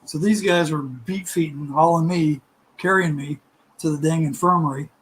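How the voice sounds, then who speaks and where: Animated middle-aged man telling stories. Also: fairly high pitch, normal speed, slight background noise, rough recording. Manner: animated, laughing, acts out voices in his stories. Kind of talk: casual storytelling chat.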